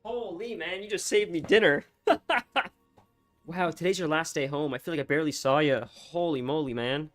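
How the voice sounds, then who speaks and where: A man's voice: fairly high pitch, moderate pace, soft background music. Rambling, chatty male streamer. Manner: rambling and chatty, full of "like" fillers and restarts. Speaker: gaming livestreamer. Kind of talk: casual chat with live viewers.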